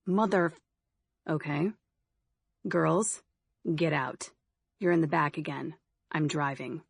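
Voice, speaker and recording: A woman's voice: low-pitched, slow, creaky, husky, dry recording, clean studio sound, exaggerated voice. A woman voicing a stern male survivor leader who barks curt orders in an audiobook.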